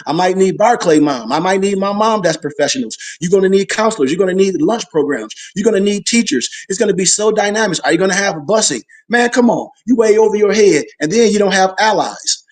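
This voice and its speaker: A man teaching a Sunday school class in an emphatic, animated preaching style, calling out to his listeners for responses. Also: high-pitched.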